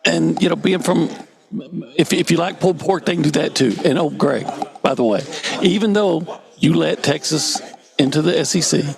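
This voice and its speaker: Man, gravelly voice, slightly high pitch, eager storyteller, crowd noise behind. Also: moderate pace. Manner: enthusiastic storyteller, stumbling restarts. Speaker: sports columnist. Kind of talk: casual sports talk.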